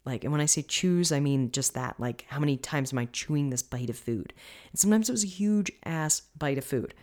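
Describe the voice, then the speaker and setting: A woman's voice: low voice, animated, brisk, warm tone. A woman coaching listeners on mindful eating in a chatty, encouraging way, with many "you know"s. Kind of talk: casual advice talk to listeners.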